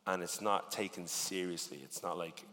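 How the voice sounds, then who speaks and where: A man with a working-class Dublin accent, talking in a casual interview, animated and swearing often with lots of "you know what I mean". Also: low voice, moderate pace, long reverb tail. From Dublin, Ireland. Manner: animated, swearing, filler-heavy storytelling. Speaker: rapper, interview guest.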